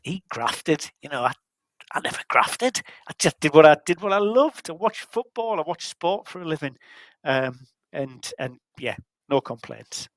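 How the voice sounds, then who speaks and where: A man's voice: a little high, very animated, normal speed, no room sound, low-quality recording. A man in his sixties, a veteran journalist, telling rambling, self-deprecating stories in an interview over a video call. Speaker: guest, veteran football journalist. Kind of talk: anecdotal interview storytelling.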